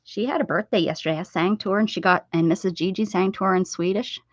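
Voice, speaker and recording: A woman's voice: on the low side, quick pace, no echo. Chatty woman on a dull, dry livestream. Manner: rambling, chatty, greets viewers by name. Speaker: livestream host. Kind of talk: casual livestream chat while sewing.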